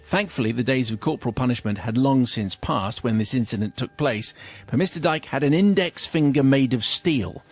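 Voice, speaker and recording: An English radio host reading out a listener's letter, telling it playfully and breaking off for jokey asides. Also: male voice, medium pitch, expressive, moderate pace, few pauses, no room sound.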